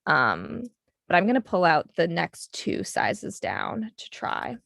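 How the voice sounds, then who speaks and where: Gravelly low-voiced woman with New England accent. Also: big pitch swings, takes it slowly, a bit bright, dry recording, studio quality. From United States. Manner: chatty, rambling, frequent ums. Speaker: livestream host. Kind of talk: casual chat while knitting.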